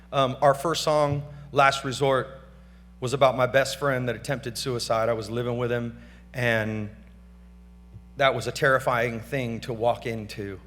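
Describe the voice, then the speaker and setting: A middle-aged man gives an off-script, casual acceptance speech at a gala in a large banquet hall, loose and full of slang as he calls out thanks to family and friends over a stage microphone. His voice is medium in pitch with a fairly bright tone. The hall is reverberant, with a faint hum.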